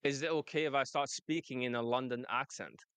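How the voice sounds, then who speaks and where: A man's voice: medium pitch, steady tone, brisk, fairly bright tone, clear, resonant tone, dry recording. A man coaching on dating, talking brashly and laughing often in casual chat. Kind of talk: casual monologue and phone call.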